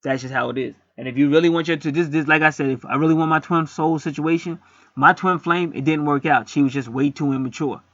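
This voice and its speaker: A man's voice: on the high side, fast, fairly bright tone, no echo, highs cut off. A middle-aged man acting as a spiritual reader, talking bluntly in a casual streetwise monologue and swearing freely.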